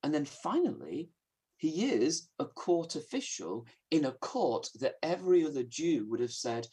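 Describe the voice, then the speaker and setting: A man preaching a sermon in an earnest, emphatic way, moving between hushed and raised delivery. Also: fairly high pitch, sing-song, unhurried, husky.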